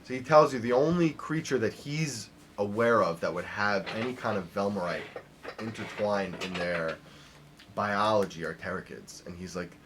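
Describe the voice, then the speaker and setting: A man's voice: on the low side, moderate pace, fairly bright tone, slight background noise. A man narrating as game master in loose, chatty talk full of fillers.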